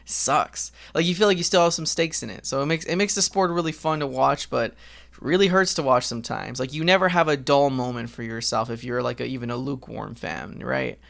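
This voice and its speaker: A man's voice: mid-range voice, brisk, creaky, fairly bright tone. A man giving casual, rambling commentary while gaming, candid and profane, with lots of fillers. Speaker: gaming vlogger.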